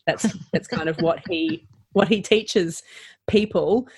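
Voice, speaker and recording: A woman with a fairly low voice talks in a lively, casual way and slips into firm, clipped voices to make her point. She is a trainer of practitioners, and the sound is dry and close, with no room around her. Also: slow, breathy edge, no room sound. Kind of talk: casual chat.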